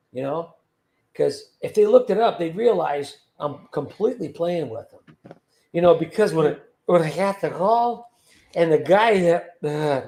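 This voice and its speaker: A man's voice: a little high, creaky, a little mellow. A man hosting a livestream, chatting in a rambling way with many fillers and chuckles. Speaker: livestream host. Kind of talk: casual livestream chat. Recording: roomy echo.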